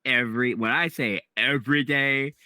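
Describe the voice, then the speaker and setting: Male podcast co-host, self-deprecating storyteller, bright voice, dry close recording. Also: mid-range voice, normal speed, no room sound. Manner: self-mocking, animated storyteller, laughs often. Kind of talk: casual chat.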